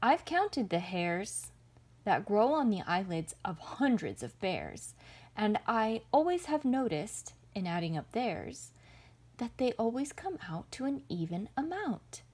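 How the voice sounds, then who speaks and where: A sly little storybook rabbit, as a woman puts him on, clever and quick in his thinking. He talks slowly, in a soft, breathy voice, coaxing and full of false sympathy. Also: mid-range voice, sing-song.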